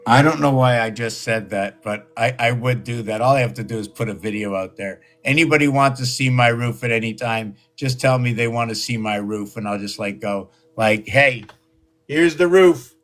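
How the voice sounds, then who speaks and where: A man talking to his own video, meandering and thinking aloud with many ums and pauses. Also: medium pitch, a bit bright. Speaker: video host. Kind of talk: rambling solo video talk.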